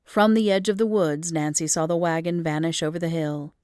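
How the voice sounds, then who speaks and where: A woman reading an old humorous story aloud as an audiobook, lively and expressive in storytelling. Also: fairly low pitch, a little fast, smooth, no echo, clean studio sound. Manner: lively storytelling with rising emphasis in action scenes. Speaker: audiobook reader.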